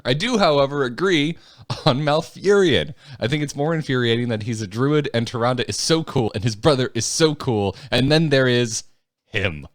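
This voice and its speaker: A man's voice: medium pitch, normal speed, dry recording. Man hosting a podcast, dry close sound. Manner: relaxed, self-mocking, reads listener emails. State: just woken up. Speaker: podcast host. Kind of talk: casual podcast chat.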